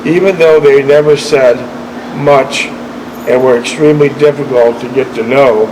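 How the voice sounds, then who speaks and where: A man's voice: medium pitch, fairly even intonation, noisy background. Man reading a war memoir aloud, stumbling. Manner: halting reading with frequent self-corrections.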